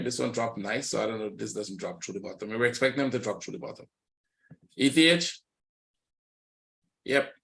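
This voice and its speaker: A man teaching a live trading webinar, walking quickly and plainly through one chart after another. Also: mid-range voice, creaky, a bit bright. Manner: rapid, matter-of-fact chart commentary. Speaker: trading instructor.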